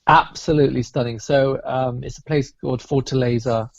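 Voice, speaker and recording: A man's voice: medium pitch, fairly even intonation, moderate pace, vocal fry, no room sound. A man guest on a podcast who talks casually, stumbling at first, then relaxes into easy, enthusiastic chat. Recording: dull lo-fi sound.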